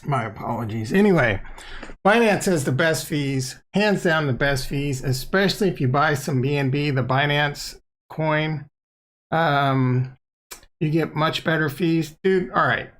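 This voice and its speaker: A man's voice: fairly high pitch, a little slow, a bit bright. A man talking casually on a livestream as a crypto YouTuber, loose and rambling, playful and blunt, close to a desk microphone.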